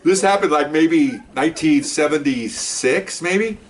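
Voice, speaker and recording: An older man, a retired police officer, telling a story in a casual, animated way and acting out the people he quotes. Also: fairly high pitch, measured pace, slight background noise. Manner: animated, acts out quoted voices.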